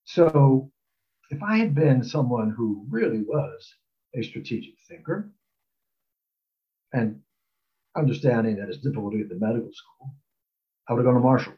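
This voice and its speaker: A man's voice: medium pitch, expressive, moderate pace, long pauses, muffled recording. An older man casually telling a personal anecdote, rambling with fillers and acting out quotes. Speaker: storyteller recalling his college recruitment.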